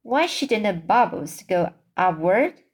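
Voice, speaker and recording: A polite, curious little girl in a storybook, as a woman reading aloud puts her on, asking question after question. The voice sits a little higher than the reader's own and moves slowly. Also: sing-song, slightly rough, exaggerated voice.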